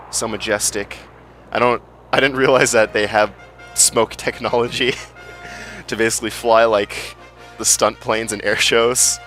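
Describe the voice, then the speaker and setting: A man's voice: on the low side, a bit bright. A young man giving casual, chatty gameplay commentary, swearing freely and cracking jokey asides. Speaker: let's play gamer.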